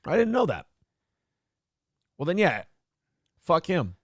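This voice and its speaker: A man's voice: fairly high pitch, huge pitch swings, slow pace, slightly rough, dry recording. A man hosting a casual show, joking crudely, laughing often and reading viewer chat messages aloud. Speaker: morning show host.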